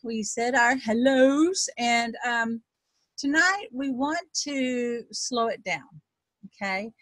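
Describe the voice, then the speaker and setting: A woman with a Texas accent, a self-described fast talker, teaching an online group in a chatty way with many ums. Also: on the high side, fairly bright tone, dry recording. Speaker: wealth coach leading an online group. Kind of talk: casual webinar teaching.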